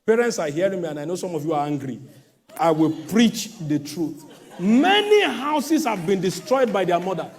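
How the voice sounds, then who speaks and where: Lively high-voiced preaching man. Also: moderate pace. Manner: preaching with sudden shouts and mocking quoted voices. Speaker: pastor. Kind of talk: sermon.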